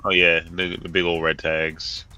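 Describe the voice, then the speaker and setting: A man playing a tabletop game, chatting casually with a slow, jokey drawl. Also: low-pitched, completely flat delivery, bright, forceful tone. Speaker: player. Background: faint fantasy background music.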